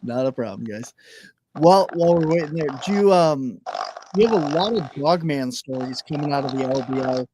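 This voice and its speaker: A man's voice: on the high side, animated, normal speed, background noise. A man hosting a live online paranormal talk show, easygoing and jokey, with frequent fillers. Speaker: podcast host.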